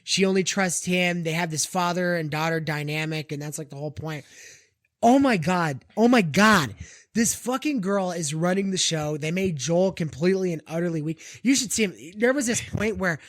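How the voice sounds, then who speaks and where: A man's voice: sits high, a little fast, few pauses, no room sound, clean studio sound. A man hosting a comedy podcast, ranting animatedly with lots of swearing, fillers and restarts. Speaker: podcast host.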